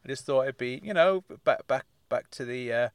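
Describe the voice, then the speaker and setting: A man's voice: medium pitch, moderate pace, clear, resonant tone, no room sound, clean studio sound. A man hosting a casual comedy podcast, rambling and hesitant with many restarts. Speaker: podcast host.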